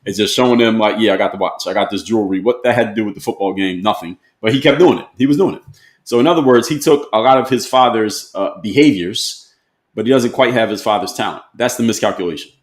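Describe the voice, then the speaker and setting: A man's voice: on the low side, fast, roomy sound. A man, giving blunt, emphatic commentary to camera and repeating his key points. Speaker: motivational commentator.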